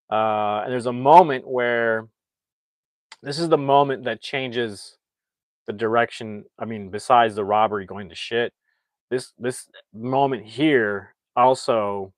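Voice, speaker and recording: Rambling, excitable male movie reviewer. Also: mid-range voice, no room sound. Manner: rambling, excitable, frequent restarts and "like". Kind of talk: casual spoken movie recap.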